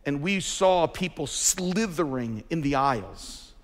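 A man preaching a sermon, his voice sitting a little higher than most men's. He is emphatic and pushes louder when he drives a point home. The sound carries the long reverb of a large church sanctuary. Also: expressive, slow. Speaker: pastor.

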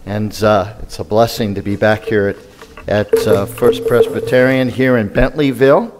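A man's voice: on the low side, steady tone, moderate pace, noisy background. An older man with a New York accent, talking casually to a church as a guest minister, with many fillers. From Brooklyn, New York. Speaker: guest speaker, Messianic minister. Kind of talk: church talk.

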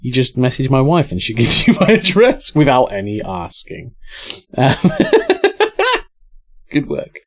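A man's voice: medium pitch, huge pitch swings, takes it slowly, pauses often, a crowd in the background. A young English man streaming a game, chatting casually, swearing and reading out chat. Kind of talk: casual live-stream commentary.

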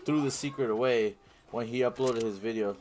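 A man's voice: mid-range voice, brisk, noisy background. A male livestreamer casually reading viewer chat aloud and answering it while he plays, in a slangy way. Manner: reads viewer chat aloud and answers, slangy, says "bro" and "man" often.

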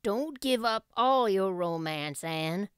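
A woman voicing a shy, gentle elderly farmer who speaks softly and quietly. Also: mid-range voice, animated, takes it slowly, smooth, no echo, clean studio sound. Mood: shy, tender. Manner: soft, shy and hushed.

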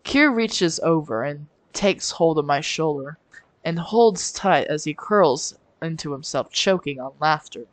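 A woman's voice: deep voice, expressive, unhurried, no room sound. A woman streamer reading a visual novel aloud with her own asides, giggling and stumbling over words now and then. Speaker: let's play streamer.

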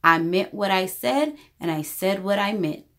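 A woman voicing a big, gentle, faithful male elephant in a storybook read-aloud, speaking earnestly and patiently. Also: medium pitch, lively intonation, measured pace. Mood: steadfast.

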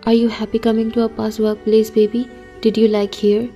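A woman's voice: a little high, completely flat delivery, fairly quick, soft background music, lightly acted. A woman reading the part of an affectionate young husband who runs a company, in a read-aloud story. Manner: soft, affectionate.

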